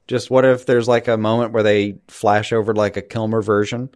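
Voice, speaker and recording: Wry joking man, lowish voice. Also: flat delivery, moderate pace, a little mellow, no echo, studio quality. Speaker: podcast co-host. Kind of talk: casual chat.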